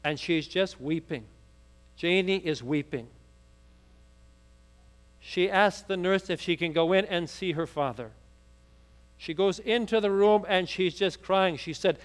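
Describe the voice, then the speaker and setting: A man preaching a sermon, telling a story rapidly and then rising into fervent, emphatic preaching. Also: high voice.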